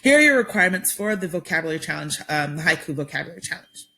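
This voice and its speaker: A woman's voice: deep voice, lively intonation, rapid-fire, gravelly, sharp tone. A woman teacher giving a recorded vocabulary lesson to her students, explaining patiently step by step with frequent ums.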